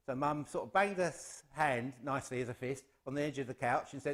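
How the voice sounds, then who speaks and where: A man's voice: on the high side, expressive, fast talker, hardly any pauses, a bit bright. An English man giving a chatty, self-deprecating, humorous address at a spiritualist service. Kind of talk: informal humorous address to a congregation.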